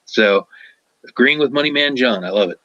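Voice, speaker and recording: A man's voice: mid-range voice, animated, moderate pace, pushed and bright, dry recording, muffled recording. A man chatting casually as a guest illustrator, telling laid-back stories and acting out the quotes. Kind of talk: casual chat.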